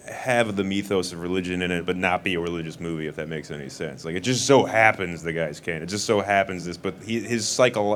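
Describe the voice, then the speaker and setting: A man answering questions on a film panel, rambling with lots of fillers. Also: sits low.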